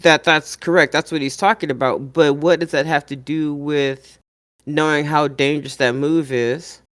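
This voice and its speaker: A man's voice: fairly high pitch, steady tone, moderate pace, fairly bright tone, no echo, clean studio sound. A man co-hosting a wrestling podcast, joking around and rambling in disbelief. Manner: jokey, incredulous, rambling. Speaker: podcast co-host. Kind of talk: casual podcast chat.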